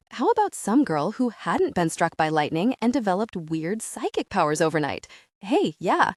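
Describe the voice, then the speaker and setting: A woman's voice: on the low side, dry recording, studio quality. A woman reading a first-person audiobook in a wry, sarcastic teenage voice. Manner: wry, sarcastic teen voice with animated asides. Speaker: audiobook narrator.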